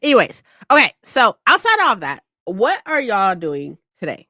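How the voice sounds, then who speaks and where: A woman's voice: mid-range voice, huge pitch swings, normal speed, sharp tone, dry recording, clean studio sound. A woman chatting casually on a live book stream, repeating herself and swearing freely.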